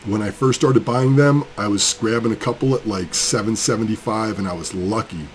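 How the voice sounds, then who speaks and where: A low-voiced man rants angrily in a casual vlog, rambling as he works. He sounds sick with a cold. A faint hiss of room noise sits behind him. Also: normal speed. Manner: angry, fired up, rambling. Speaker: crypto mining channel host. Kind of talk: casual building vlog rant.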